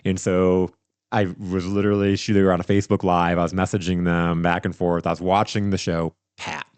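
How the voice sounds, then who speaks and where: A man hosting a podcast, telling a story in casual chat, animated and rambling with restarts. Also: low-pitched, brisk, clear, resonant tone, no room sound. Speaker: podcast host.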